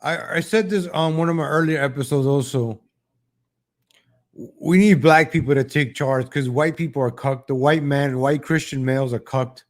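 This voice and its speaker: A man hosts a political commentary livestream in a somewhat higher voice. He rambles and makes sarcastic asides, restarting his sentences often. He keeps addressing his viewers as "ladies and gentlemen.". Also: normal speed. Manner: mocking mimicry of politicians in a higher voice. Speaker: host of a political commentary show.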